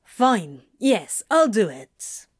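A woman voicing a flustered, sardonic male demon, her lines low and murmured, in a slow delivery. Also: very animated, breathy edge, no echo, clean studio sound, full character voice.

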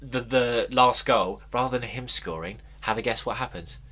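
Male podcast co-host, bright voice, rambling storyteller in casual chat. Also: medium pitch, normal speed, slightly rough. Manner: rambling storyteller, acts out quotes.

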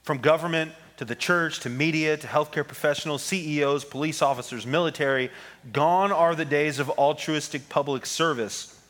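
A man's voice: fairly high pitch, a bit bright. Man preaching a conversational sermon. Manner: conversational preaching, reads scripture slowly with pauses. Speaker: pastor. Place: church sanctuary with congregation.

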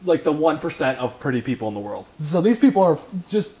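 A man's voice: a little high, very animated, brisk, darkish tone. Young man hosting a casual chat. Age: young adult. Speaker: podcast co-host.

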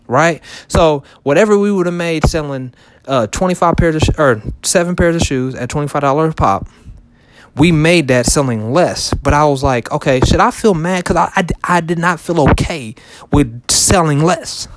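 Over a noisy background, a slightly high-voiced man talks at a moderate pace. He's in his thirties, vlogs and resells shoes, and this is a loose, repetitive motivational chat to camera, thick with fillers and restarts.

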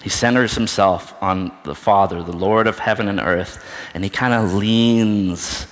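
A man's voice: fairly low pitch, unhurried, big-room sound. A man giving an informal, conversational sermon, thinking aloud and often checking in with "right?". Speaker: preacher.

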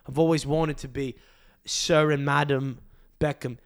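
A man's voice: mid-range voice, fairly even intonation, unhurried, smooth, lightly acted. A man impersonates a pompous football star with a mock English accent. He is bitter and spiteful, and he swears as he talks.

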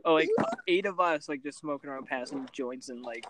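A man's voice: medium pitch, fairly quick, noisy background. A young man chatting casually with friends outdoors at night, rambling through a story and acting out the quotes. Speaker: podcast co-host. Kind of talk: casual chat among friends.

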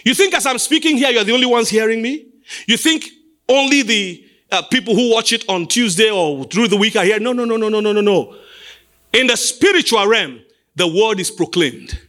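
A pastor preaching a sermon from a church stage, swinging between sing-song cadence and sudden shouts. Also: male voice, high voice, expressive, normal speed.

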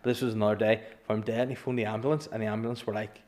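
A man's voice: mid-range voice, animated, quick pace, darkish tone. A man in casual chat, telling anecdotes, swearing and acting out what people said. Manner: swearing, laughs through his stories, acts out dialogue. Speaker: storyteller guest.

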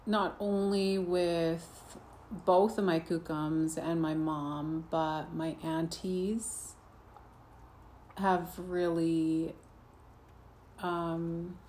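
A woman speaking very slowly and gently in a casual chat, with faint background noise. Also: on the low side.

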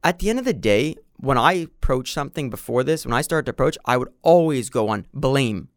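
A man in casual podcast talk who slips into quoted dialogue as he tells a story. His voice sits at a middle pitch and sounds dry and close, with no room around it. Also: brisk, dry recording. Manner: animated storyteller, acts out quoted exchanges. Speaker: podcast guest. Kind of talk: casual conversation.

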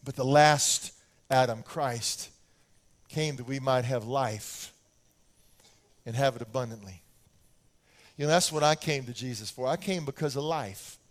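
Measured and pausing often, an older American man with a medium-pitched voice gives a sermon. He tells animated stories and slips into his children's voices to act out short scenes.

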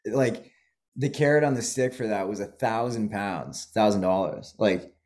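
A man hosts a podcast, asking loose follow-up questions and reacting in a relaxed way, with some casual swearing. His voice sits slightly low. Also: normal speed. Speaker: podcast host. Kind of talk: casual interview.

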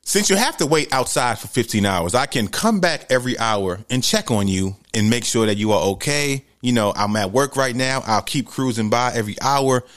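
A man putting on the voice of a calm police officer who speaks low and quiet. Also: normal speed, few pauses, lightly acted. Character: calm, matter-of-fact male police officer.

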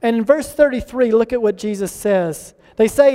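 High-voiced man preaching in a reverberant hall. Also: warm tone. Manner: earnest preaching, rising emphasis and slowing for key lines. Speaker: pastor. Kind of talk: sermon.

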